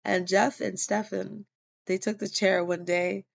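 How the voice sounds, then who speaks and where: A woman's voice: medium pitch, level tone, measured pace, vocal fry. A tired, yawning woman telling a personal story in a casual, rambling way, with lots of fillers and restarts. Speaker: vlogger sharing a personal testimony. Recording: dull lo-fi recording.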